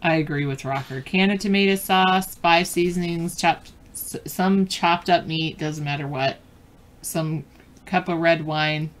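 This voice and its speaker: A woman's voice: deep voice, unhurried. Chatty woman hosting a live stream. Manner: chatty, answers the live chat and reads trivia questions aloud. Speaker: co-host and trivia reader. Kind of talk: casual live-stream chat.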